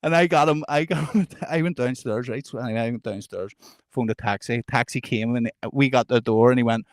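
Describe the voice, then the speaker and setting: A man co-hosting a podcast, telling stories in a casual, animated way, often laughing and swearing. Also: mid-range voice, a little fast, no room sound, clean studio sound. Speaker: podcast co-host. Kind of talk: casual storytelling chat.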